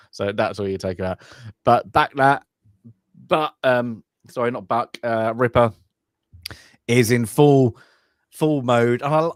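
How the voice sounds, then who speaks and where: A man's voice: fairly low pitch, dry recording, studio quality. A man co-hosting a film club, chatting casually and rambling, often laughing and acting out lines from the film.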